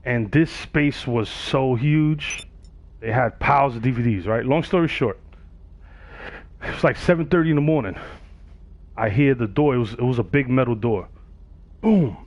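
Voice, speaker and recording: Animated New man telling a story. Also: mid-range voice, no room sound. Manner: animated, acts out the voices of people in his story. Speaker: livestream gamer. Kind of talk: casual storytelling on a livestream. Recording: dull, dry sound.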